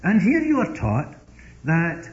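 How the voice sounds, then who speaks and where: A man's voice: on the high side, wildly swooping pitch, slow. A man preaching a sermon, telling stories earnestly and pressing his points with rising emphasis. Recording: dull lo-fi sermon recording.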